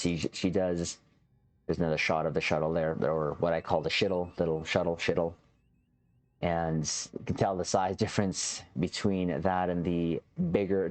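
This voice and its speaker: A man hosting a reaction channel, casually recapping a TV episode in a loose, rambling way with frequent restarts, talking straight to his viewers. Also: lowish voice. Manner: rambling, restarts often, addresses viewers as captains.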